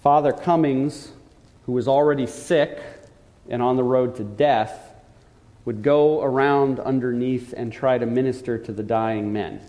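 A man preaching a sermon, telling a story earnestly and slowing down to stress key points. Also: mid-range voice, mellow. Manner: earnest storytelling, slows for emphasis. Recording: long hall reverb.

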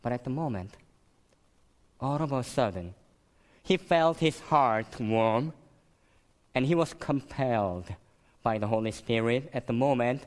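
Slow-spoken male preacher. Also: medium pitch. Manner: slow, emotional storytelling with many repetitions. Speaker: pastor. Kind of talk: sermon.

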